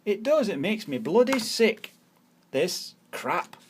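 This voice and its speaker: A man's voice: high voice, very animated, slow, a little hiss or hum. A Scottish man giving an angry political rant, swearing often and repeating his phrases. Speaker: vlogger.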